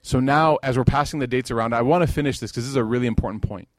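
A man speaks at a religious gathering in a relaxed, chatty sermon voice, sliding between light jokes and heartfelt retelling. His pitch sits mid-range for a man, and the sound is dry and close, with almost no room echo. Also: rapid-fire. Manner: conversational, with joking asides. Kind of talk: informal sermon.

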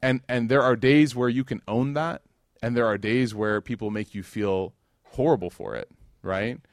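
A man's voice: mid-range voice, moderate pace, no echo, studio quality. A man from the United States giving a casual religious talk with humor, telling stories animatedly and acting out the dialogue. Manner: animated storyteller who acts out dialogue. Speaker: religious speaker.

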